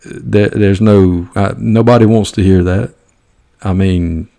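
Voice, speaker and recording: Gravelly Georgia-accented man, folksy and blunt. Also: on the low side, steady tone, slow pace, dark tone. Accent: Southern US, Georgia. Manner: folksy, blunt, rambling with many fillers. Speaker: podcast host. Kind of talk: casual opinion monologue.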